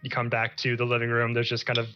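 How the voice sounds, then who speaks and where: A man's voice: medium pitch, monotone, fast talker, bright, forceful tone, clear, resonant tone, lo-fi sound, faint music behind. A man narrating as game master in a casual, descriptive way.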